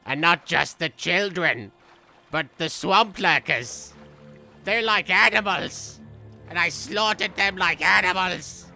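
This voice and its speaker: A man voicing a goofy, unhinged young male villain as he comments on a game, rambling through silly jokes with sudden shrill outbursts. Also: takes it slowly, creaky, pushed and bright, soft background music, exaggerated voice. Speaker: gameplay commentator. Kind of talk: comedic let's-play commentary.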